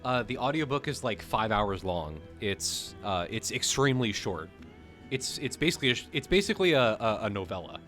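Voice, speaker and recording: A man co-hosting a casual livestream chat, talking in an excitable, rambling way and laughing often. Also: on the low side, fairly quick, faint music behind. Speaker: co-host.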